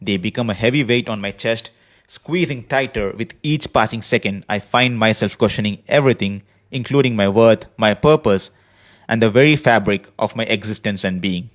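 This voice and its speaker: A man hosting a podcast, speaking in an earnest, measured personal monologue from a prepared script. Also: lowish voice. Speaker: podcast host. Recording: podcast voice recording.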